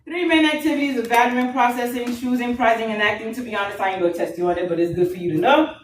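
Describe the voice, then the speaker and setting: A woman's voice: on the high side, quick pace. A woman teaching a nursing class, lecturing and teasing her students in a playful way. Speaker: nursing instructor. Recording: echoey classroom from far off, faint noise.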